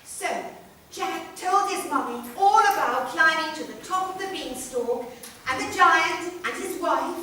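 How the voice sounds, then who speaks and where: A woman telling a children's story aloud to a live audience, playful and expressive. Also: extremely high pitch, measured pace, far from the mic, slight background noise. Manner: expressive, playful sound effects. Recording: echoey room, recorded from afar.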